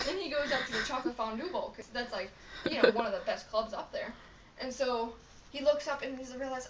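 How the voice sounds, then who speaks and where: A young woman with a slightly high voice tells a long, rambling joke in a chatty, meandering way. She is picked up from across an echoey room, with a faint hiss underneath. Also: brisk, far from the mic, muffled recording. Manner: chatty, rambling storytelling with fillers and laughs. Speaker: joke teller. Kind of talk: telling a long joke to friends.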